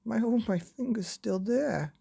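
Man doing a fussy flustered storybook dad, squeaky high, kinda whiny and pleading. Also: measured pace, vocal fry, mellow, slightly rough, exaggerated voice. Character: fussy, flustered middle-aged father.

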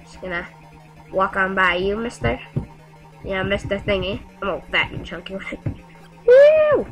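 A woman giving casual gameplay commentary, excitable and talking back to the game with frequent yelps and exclamations. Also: medium pitch, moderate pace, faint music behind, rough recording. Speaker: gamer.

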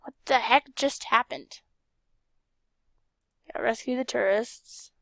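A young woman casually commenting on a game she plays, excitable and chatty, with sudden whispered asides, close to a desk mic. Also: a little high, slow pace, vocal fry, no room sound. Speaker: gaming channel host.

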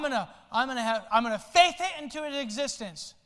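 A male pastor preaching a sermon, swinging from soft low asides to loud shouted lines. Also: expressive, fairly quick, clean tone. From United States. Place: church sanctuary. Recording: long hall reverb in a church.

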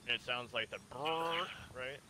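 A man's voice: lowish voice, brisk, heavy background noise. A man in casual voice chat with fellow gamers, explaining at length and swearing often.

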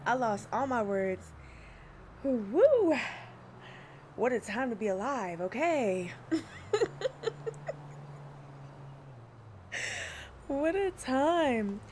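A woman's voice: fairly high pitch, animated, a little slow, few pauses, darkish tone, slight background noise. A young woman streaming live, chatting casually, laughing and greeting viewers by name. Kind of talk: casual livestream chat.

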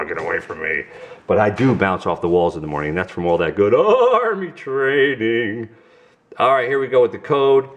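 A middle-aged man from New York with a New York accent, hosting a family vlog and chatting goofily to viewers while opening trading cards. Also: medium pitch. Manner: goofy, chatty, talks straight to viewers. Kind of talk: casual card-opening vlog.

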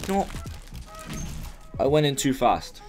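A man's voice: medium pitch, big pitch swings, a little slow, a little mellow, faint music behind. A young man answering viewer questions in a casual vlog at his mother's home, rambling and joking, swearing and laughing often. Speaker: YouTuber.

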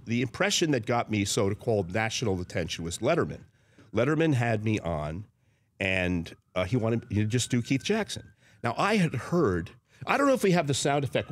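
An older man, a former sports host and impressionist, telling stories in a casual talk show chat, quick to laugh. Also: medium pitch.

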